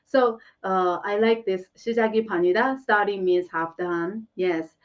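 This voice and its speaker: A woman's voice: medium pitch, brisk, far from the mic, highs cut off. A woman whose first language is Korean, teaching a live online lesson and answering viewer questions, laughing often and repeating phrases.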